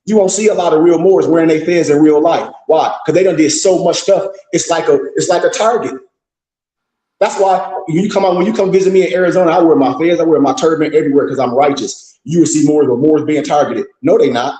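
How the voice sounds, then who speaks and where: A man's voice: fairly high pitch, fast talker, dark tone, echoey room. A man hosting a live discussion, lecturing in a blunt, profane, scolding way. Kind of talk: impassioned lecture-style talk.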